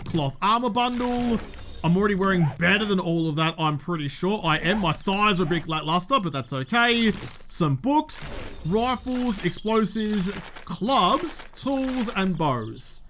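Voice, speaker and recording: A man's voice: high-pitched, lively intonation, unhurried, fairly bright tone, slight background noise. Chatty Australian man playing a game. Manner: chatty, jumpy, talks to game characters. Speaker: gaming YouTuber. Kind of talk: let's play commentary.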